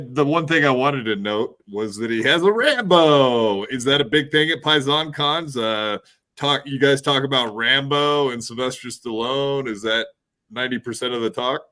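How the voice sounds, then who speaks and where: A man's voice: mid-range voice, bright, forceful tone. Joking male podcast host. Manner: joking, teasing questions. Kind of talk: casual interview chat.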